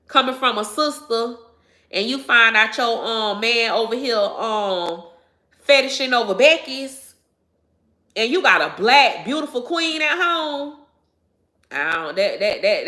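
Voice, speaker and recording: A woman, chatting on a livestream with a bright, forceful voice that sits a little high. She talks emphatically, circling back over the same phrases. The sound comes from an echoey room. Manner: emphatic, repeats phrases, laughs often. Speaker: livestream host answering viewers. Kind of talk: casual livestream chat.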